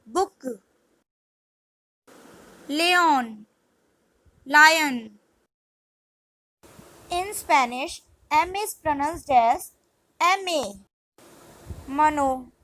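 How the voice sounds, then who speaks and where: Brief: woman tutor, high voice, very slow deliberate reading, dry close sound. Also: a bit bright, no room sound, poor audio. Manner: measured, word-by-word reading. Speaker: language teacher. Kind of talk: scripted vocabulary lesson.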